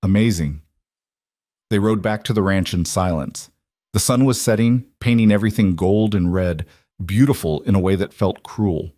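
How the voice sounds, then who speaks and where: A man narrates a scripted story in a low voice, steady and measured. The sound is dry and close, with no room around it. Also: no room sound.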